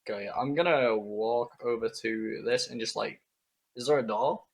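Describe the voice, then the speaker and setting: Man, tabletop player, husky voice, casual, joking, swears. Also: mid-range voice, moderate pace. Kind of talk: casual tabletop role-play.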